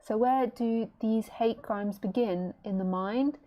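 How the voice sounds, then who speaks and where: A middle-aged woman teacher giving a casual online talk from home, chatty and warm with her listeners, laughing easily. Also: a little high, slow pace. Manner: chatty, laughing, baby-talks to her pet. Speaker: spiritual teacher.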